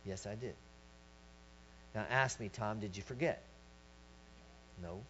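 A man preaching a sermon, telling a personal story and rising to loud shouts as he acts it out. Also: fairly low pitch, takes it slowly. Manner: storytelling, swelling to shouts when acting out his story. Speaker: pastor. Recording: dull lo-fi recording with mains hum.

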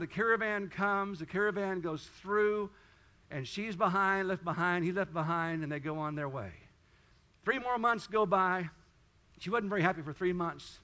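A man's voice: high-pitched, bright, forceful tone, highs cut off. A man pastor preaching a sermon, telling a story and then rising into fervent, pleading prayer.

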